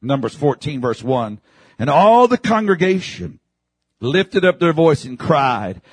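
Fiery husky preacher man. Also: a little high, very animated, a little slow, dry recording. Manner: preaching with dramatic swings from shouts to hushed tones. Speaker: pastor. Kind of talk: sermon.

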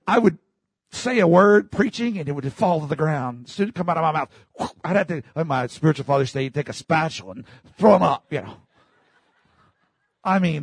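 A man preaching a sermon in a church, fervently, breaking into shouts and calling for the congregation to answer him. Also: fairly high pitch, vocal fry, breathy edge, no echo. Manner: fervent preaching, bursts into shouts, call-and-response. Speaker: pastor.

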